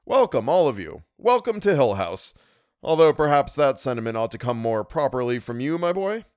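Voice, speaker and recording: A man's voice: mid-range voice, big pitch swings, normal speed, no room sound, studio quality, natural voice. A man reading an audiobook, voicing a cheerful, fussy older male doctor in an effusive, hearty manner.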